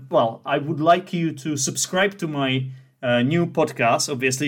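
A man's voice: on the high side, fairly bright tone. A man hosting an English lesson podcast, explaining grammar patiently and checking in with listeners often. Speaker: English teacher and podcast host.

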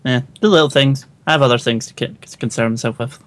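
A man's voice: medium pitch, fast. A man with a British accent co-hosting a casual online chat, easygoing and wry. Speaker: podcast co-host.

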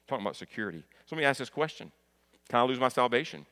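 A male pastor preaches a sermon in an earnest voice of medium pitch. He repeats key phrases for emphasis and sometimes restarts words. His voice rings with the long reverb of a hall. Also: very animated, very fast, pushed and bright.

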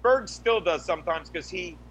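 A man's voice: high-pitched, animated, moderate pace, a bit bright, a little hiss or hum, poor audio. A man on a casual podcast, ranting and rambling with lots of swearing and restarts. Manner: profane, rambling, rant-like; many restarts and fillers. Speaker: podcast co-host, guest. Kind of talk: crude casual podcast chat.

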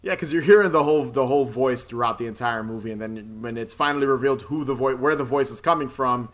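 A man's voice: medium pitch, fast talker. A man casually recapping a movie plot in a podcast chat, rambling, swearing freely and laughing often. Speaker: podcast co-host.

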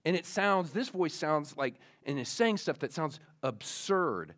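A man's voice: on the high side, expressive, measured pace, a bit bright. A male pastor preaching a sermon in a casual storytelling way, with many fillers, speaking to young listeners.

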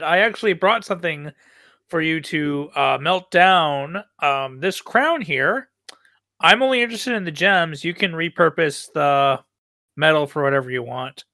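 A man playing a tabletop game, chatting in a playful, lively way. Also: a little high, measured pace, no echo. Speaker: player. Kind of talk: casual tabletop chat.

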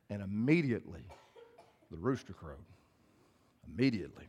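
A man with a fairly low, animated voice speaks at a moderate pace, though the audio sounds dull. He's a pastor delivering a casual, direct sermon, reading scripture aloud and then explaining it to his listeners in a conversational way.

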